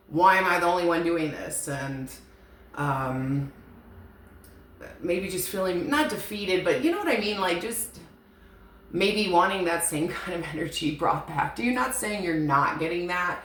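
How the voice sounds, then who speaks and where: Low-voiced woman giving a rambling tarot reading. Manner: rambling, frank, swears casually, fillers. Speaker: tarot reader. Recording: echoey room with faint hiss.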